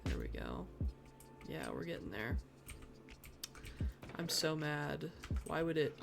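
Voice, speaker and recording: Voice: mid-range voice, wildly swooping pitch, slow, gravelly, pauses often. A streamer doing live gameplay commentary, muttering to themself and grumbling about their own mistakes. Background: background music and keyboard typing.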